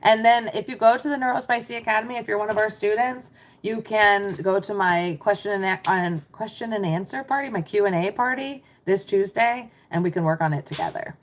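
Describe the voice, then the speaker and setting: A middle-aged American mindset business coach speaks briskly in a mid-range voice during a livestream coaching session. She is chatty and reassuring, reading out questions and answering the chat.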